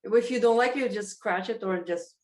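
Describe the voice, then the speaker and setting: A woman's voice: medium pitch, fairly quick. A woman on a talk show who chimes in with brief, playful remarks. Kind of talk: casual chat on a talk show.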